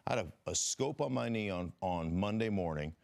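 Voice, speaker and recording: A man on a sports debate panel with a very low voice, nodding along with quick affirmations. When he takes the floor he spins a relaxed locker-room story. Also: gravelly. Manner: agreeable, frequent affirmations, anecdotal. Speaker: sports show co-host.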